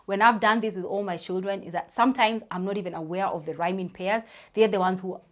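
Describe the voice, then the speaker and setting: A woman's voice: mid-range voice, steady tone, fast. A woman in her thirties, a speech therapist, explaining reading tips to parents in a chatty way, often saying "you know" and spelling out sounds.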